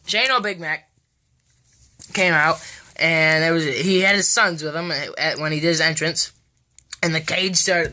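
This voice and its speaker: Bright-voiced woman excitedly recapping wrestling. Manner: excitable play-by-play, jumps high and loud at big moments; many fillers and restarts.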